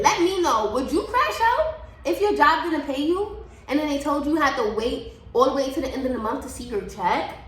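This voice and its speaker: High, bright-voiced woman venting bluntly. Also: echoey room, poor audio. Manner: blunt, profane, exasperated venting. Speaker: podcast host. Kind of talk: casual storytelling monologue.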